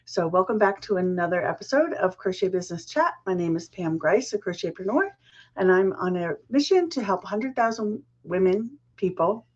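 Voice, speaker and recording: A woman hosting a casual business chat show, chatty and friendly, her voice a little rough from the early morning. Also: medium pitch, lively intonation, moderate pace, highs cut off. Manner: chatty, laughs at own slips. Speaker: podcast host.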